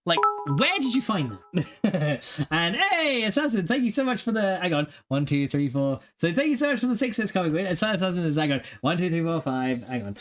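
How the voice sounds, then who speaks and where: Excitable man streaming, laughing a lot. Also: high voice, fairly quick, faint music behind. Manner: excitable, laughs often, swears, thanks chat. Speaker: game streamer. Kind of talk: live stream chat while gaming.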